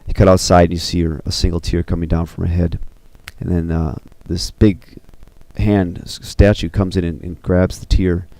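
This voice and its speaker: Man pitching a story, very low voice, gravelly, dark tone, dry sound, rambling delivery. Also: level tone, normal speed, few pauses, no room sound. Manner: loose and rambling, full of 'you know' and 'kinda'. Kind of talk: casual spoken story pitch.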